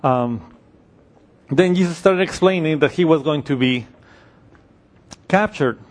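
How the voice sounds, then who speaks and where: Unhurried man teaching the Bible. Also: fairly high pitch. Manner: unhurried, with frequent fillers and restarts while explaining scripture. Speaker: preacher.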